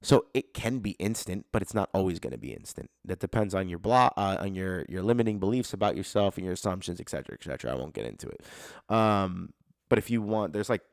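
A low-pitched man who talks fast with vocal fry hosts a solo podcast, ranting casually with plenty of profanity. He's animated and acts out people's inner voices, and the dry recording is studio quality.

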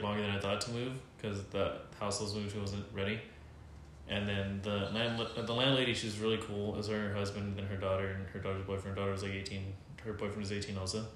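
A man's voice: on the low side, flat delivery, fairly quick, a bit bright. A man in his twenties telling a long story in casual chat, rambling with many "like"s and restarts. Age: 20s. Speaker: storyteller guest. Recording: echoey room with faint background noise.

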